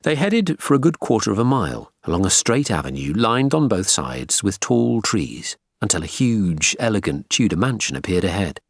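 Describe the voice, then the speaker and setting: A man narrating a crime novel audiobook in an expressive storytelling delivery. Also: on the low side, no room sound, studio quality. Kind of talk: scripted narration.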